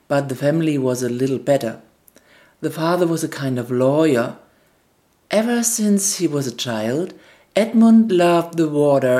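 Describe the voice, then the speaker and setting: A woman narrating a fairy tale in a gentle storybook reading, with scripted narration. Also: low-pitched. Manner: gentle storybook reading with quoted family dialogue.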